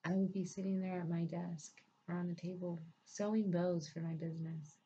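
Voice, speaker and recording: A woman's voice: on the low side, level tone, normal speed, dark tone. A woman recounting her own life story in a blunt, profane, emphatic way. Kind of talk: personal storytelling. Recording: dull lo-fi recording.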